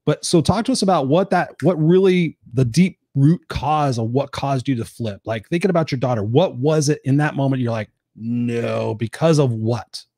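A man's voice: medium pitch, normal speed, few pauses, mellow, dry recording. Frank male host, dry close sound. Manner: frank, direct. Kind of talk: interview questions.

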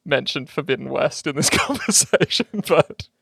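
An Australian man co-hosting a podcast in casual chat, animated, jumping up in pitch when excited and laughing as he talks. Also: normal speed, vocal fry, breathy edge, dry recording, studio quality. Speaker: podcast co-host.

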